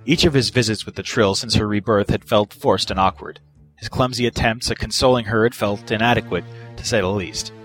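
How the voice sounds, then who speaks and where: A man narrating fan fiction in a steady, measured way. His voice sits low, and soft music plays faintly underneath. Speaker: reader.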